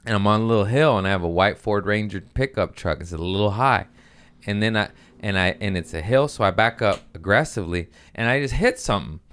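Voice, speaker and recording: Profane, animated comedian host, low voice. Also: male voice, fairly quick, clear, resonant tone. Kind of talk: casual comedic storytelling.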